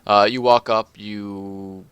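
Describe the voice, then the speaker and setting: A man's voice: fairly low pitch, little pitch movement, slow, a bit bright, clean tone, dry recording. A man narrating as game master in a tabletop role-play session, rambling with many filler words. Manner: rambling, filler-heavy, with many "you know"s.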